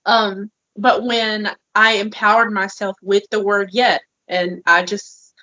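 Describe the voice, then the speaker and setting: A woman co-hosting a podcast in casual chat, expressive and self-deprecating, laughing easily. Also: medium pitch, measured pace. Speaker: podcast co-host. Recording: slightly dull, lo-fi sound.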